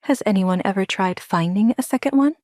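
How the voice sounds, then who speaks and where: Played by a woman narrator, a guarded young woman who answers with sarcasm and pointed questions. Her voice rises higher and sharper than the narration, recorded close and dry. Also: brisk, darkish tone, no room sound, natural voice. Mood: wary, sarcastic.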